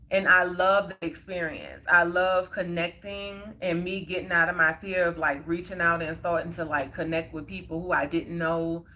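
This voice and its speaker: A woman's voice: fairly low pitch, bright, forceful tone. A woman hosting a live stream, telling a personal story in a casual, earnest, conversational way with plenty of fillers. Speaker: livestream host.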